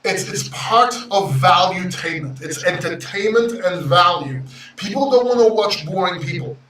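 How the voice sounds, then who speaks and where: A man's voice: high voice, lively intonation, moderate pace, recorded from a distance, slight background noise. Brash emotional man, roomy and off-mic. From Greece. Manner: emotional, brash, swearing, swings loud and quiet. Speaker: crypto YouTuber reading live chat. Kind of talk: livestream chat with viewers. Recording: roomy echo, off-mic sound.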